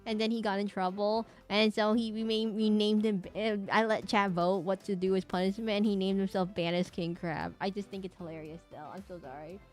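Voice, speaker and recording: A young woman chats with her stream as she draws, rambling from one thought to the next and humming in between. Her voice sits at an ordinary middle pitch, with faint music underneath. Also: steady tone, a little fast, few pauses. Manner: rambling, playful, talks to chat, hums. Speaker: streamer drawing for chat. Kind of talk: casual chat while drawing.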